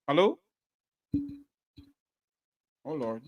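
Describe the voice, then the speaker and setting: A man's voice: high voice, normal speed, dry recording. A man hosting a live call-in talk show, greeting each caller and affirming them briefly.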